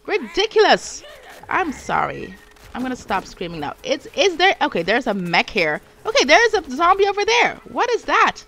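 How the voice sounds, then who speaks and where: A woman commenting on her own gameplay in a bright, higher voice that swings widely in pitch. She mutters to herself and slips into panicked shrieks when things go wrong. A faint hiss of noise sits under her voice. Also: big pitch swings, normal speed. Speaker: streamer playing a video game.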